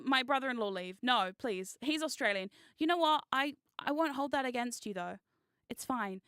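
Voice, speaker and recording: A woman streamer chatting casually on a live stream, excitable and giggly, swearing freely. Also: high-pitched, moderate pace, clean tone, dry recording, clean studio sound. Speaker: VTuber streamer.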